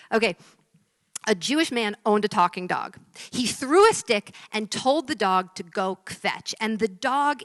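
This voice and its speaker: Woman, stand-up joke teller, lively, voice shifts for characters, hushed asides, dry close sound. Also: medium pitch, no echo. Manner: acts out characters in jokes with voice shifts; lively storyteller, drops to whispers for effect.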